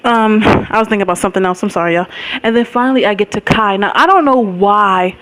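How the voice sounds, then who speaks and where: A woman's voice: medium pitch, fast talker, a bit bright, poor audio. A young woman vlogger telling a story in a chatty, rambling way, with lots of fillers and frequent laughs. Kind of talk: casual storytelling vlog.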